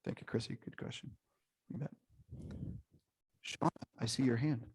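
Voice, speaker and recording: A man's voice: medium pitch, steady tone, moderate pace, a little mellow, husky. A man hosting an online coaching workshop, talking conversationally and encouraging participants by name. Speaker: workshop host. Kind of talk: casual coaching talk to an online group.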